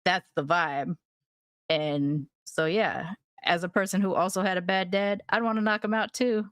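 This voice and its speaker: A woman's voice: on the low side, steady tone, normal speed, clean tone, dry recording, clean studio sound. A woman co-hosting a podcast, thoughtfully analyzing characters in a casual TV recap. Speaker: podcast co-host.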